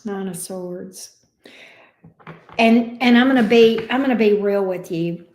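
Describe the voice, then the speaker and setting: A woman's voice: mid-range voice, measured pace, darkish tone, reverberant. A woman giving a casual tarot reading, talking bluntly, swearing freely and getting worked up. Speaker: tarot reader.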